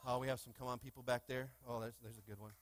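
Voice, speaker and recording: A man preaching a lively sermon in a church, with call-and-response and playful asides to the congregation. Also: medium pitch, fast. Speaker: pastor. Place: church sanctuary.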